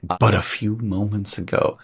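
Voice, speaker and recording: Deep-voiced wry male podcast co-host. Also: fairly even intonation, unhurried, vocal fry, breathy edge. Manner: wry, argumentative, teasing. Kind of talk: casual discussion.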